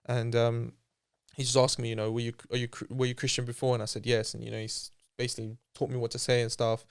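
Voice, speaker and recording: A man with a clean, resonant voice tells his story at a quick clip. He talks casually and loosely with plenty of slang, and slips into lively impressions of the people he quotes. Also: medium pitch, gravelly, clean tone. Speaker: interview guest.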